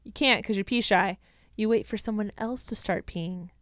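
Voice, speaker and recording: A woman's voice: medium pitch, normal speed, fairly bright tone, no echo, studio quality. A young woman co-hosting a podcast, telling rambling stories in casual chat. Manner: chatty, rambling storyteller. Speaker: podcast co-host.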